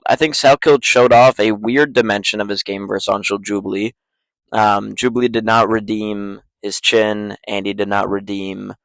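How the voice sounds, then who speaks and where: A man's voice: on the low side, creaky, dry recording, rough recording. Blunt, ranting MMA-channel guy. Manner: ranting, blunt, swears freely. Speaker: MMA YouTuber. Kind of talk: casual fight predictions.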